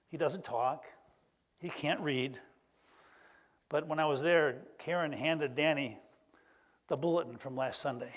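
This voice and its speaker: A middle-aged pastor delivering a sermon in a storytelling way. His voice sits a bit high for a man, and he eases into a slow, quiet refrain again and again.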